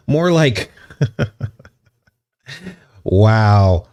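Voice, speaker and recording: A man's voice: fairly low pitch, slow, long pauses, darkish tone. A man hosting his channel, talking through a casual commentary monologue in a sarcastic, mocking way and chuckling often. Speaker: channel host.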